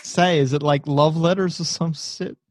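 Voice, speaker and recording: A man's voice: a little high, fairly even intonation, normal speed, natural voice. A man voicing a drowsy, crude companion who swears casually. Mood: sleepy. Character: sleepy, crude man woken up.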